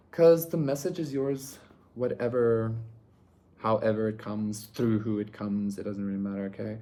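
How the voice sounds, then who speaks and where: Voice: medium pitch, mellow. Rambling casual tarot reader. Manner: rambling, many "like" and "okay?" tags, swears freely. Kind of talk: casual pick-a-card tarot reading.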